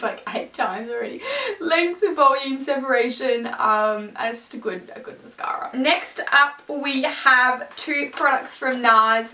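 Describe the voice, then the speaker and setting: A young beauty vlogger with a slightly high, sharp voice chats casually, rambling and making fun of herself. She's recorded from a distance, with the mic set back in an echoey room.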